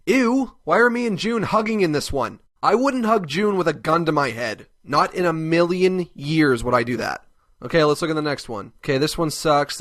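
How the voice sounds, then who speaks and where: A man's voice: mid-range voice, fairly bright tone, dry recording, studio quality, close to an everyday voice. A man voicing a crude, short-tempered cartoon host who mocks everyone in an abrasive tone. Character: foul-mouthed, contemptuous cartoon man host. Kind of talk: comedic web cartoon voice acting.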